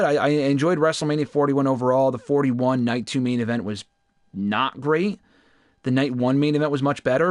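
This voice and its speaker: A young man runs a gaming livestream, chatting easily with viewers between moves. His voice is lively and swings up and down, sitting in the middle of the usual male range. He swears freely and flares up in exasperation, heard close and dry with no room sound. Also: medium pitch, no room sound. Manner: chatty, profane, erupts into loud frustrated outbursts. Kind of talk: casual livestream commentary while playing.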